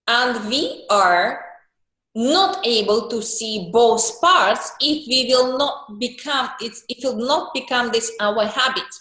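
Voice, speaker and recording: Slow, earnest woman coach in an echoey room. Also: high voice, a bit bright. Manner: slow, earnest, acts out emotions in little voiced monologues. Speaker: group call coach. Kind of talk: coaching talk on a group call. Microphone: video call.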